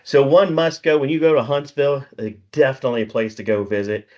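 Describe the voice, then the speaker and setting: A man's voice: mid-range voice, fast, a little mellow. A middle-aged man co-hosting a podcast in casual chat, a rambling storyteller who chuckles often and acts out bits of dialogue. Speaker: podcast co-host. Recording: slightly dull lo-fi recording.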